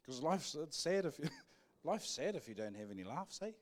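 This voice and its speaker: A man's voice: on the high side, very animated, normal speed. A man with a New Zealand accent preaching a live church sermon in a playful, cheeky way, acting out back-and-forth conversations. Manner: playful, cheeky, jokey with the congregation; acts out back-and-forth dialogues. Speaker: pastor. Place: church service.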